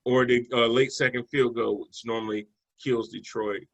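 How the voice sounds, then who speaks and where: A man's voice: medium pitch, steady tone, moderate pace, gravelly, poor audio. A man co-hosting a sports talk show, breaking down football games in a loose, conversational way with fillers and restarts. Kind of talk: casual sports analysis chat.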